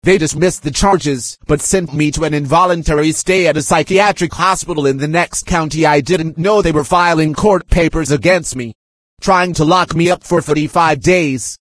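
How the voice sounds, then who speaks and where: Man, husky and fairly high, reads a message aloud dictation-style, spelling names and calling out punctuation, insistent and aggrieved. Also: normal speed, a bit bright, no echo. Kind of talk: reading a written message aloud.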